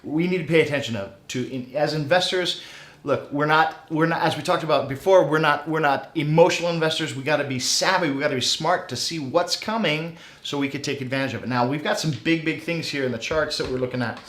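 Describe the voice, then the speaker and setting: A man's voice: a little high, brisk, fairly bright tone, echoey room. Upbeat man hosting a finance show. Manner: upbeat, salesy, addresses viewers directly. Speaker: show host. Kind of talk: finance web show talk.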